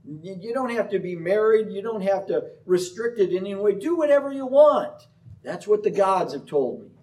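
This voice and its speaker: A man voicing a flattering male false prophet who tells listeners whatever they want to hear. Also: sits high, normal speed, voice pushed up. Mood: wheedling. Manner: wheedling, eager. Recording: voice from far off the mic.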